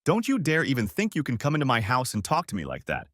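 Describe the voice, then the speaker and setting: A man voicing a bitter, angry middle-aged mother who scolds her grown son, slightly raised in pitch. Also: very animated, moderate pace, a bit bright, dry recording, clean studio sound. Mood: angry scolding. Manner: scolding, indignant.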